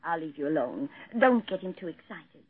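A woman's voice: low-pitched, sing-song, normal speed, slightly rough, full character voice. An actress in a vintage radio drama playing a firm nurse who scolds her stubborn old patient. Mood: matter-of-fact. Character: brisk, firm private nurse. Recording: tinny old radio broadcast.

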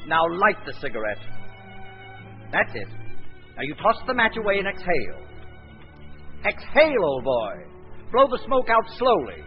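Affected old-time director, swoops all over, dull radio sound. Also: male voice, high voice, wildly swooping pitch, normal speed, pauses often, faint music behind, exaggerated voice. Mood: coaxing. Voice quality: affected, theatrical. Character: pompous affected male film director. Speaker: film director. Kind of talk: 1930s radio acting.

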